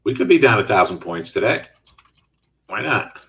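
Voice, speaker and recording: Middle-aged male trading host, lowish voice, loose live-chat delivery, sitting a little back from the mic. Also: sing-song, moderate pace, fairly bright tone, distant mic. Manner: casual, reads out and answers viewer chat while trading. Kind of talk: live trading stream commentary.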